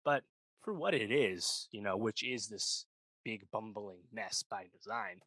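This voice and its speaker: A man's voice: lowish voice, sing-song, measured pace, pushed and bright, no echo. A man co-hosting a pop culture podcast, chatting casually and rambling, full of "like" and "you know, right?". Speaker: podcast co-host. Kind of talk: casual chat.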